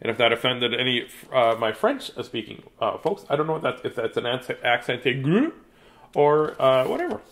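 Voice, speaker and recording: A man's voice: mid-range voice, big pitch swings, normal speed, a bit bright. Playful guy from canada reading a kids book, voice bouncing up and down, cracking jokes. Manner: joking, playful. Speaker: storyteller reading children's books. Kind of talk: playful storytelling and read-aloud.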